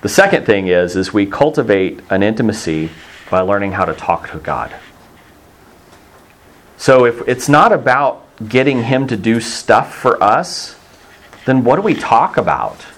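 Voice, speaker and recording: A man's voice: lowish voice, very animated, a little slow, a bit bright. A middle-aged man from Texas preaching a sermon in a conversational, storytelling way, acting out the voices he quotes.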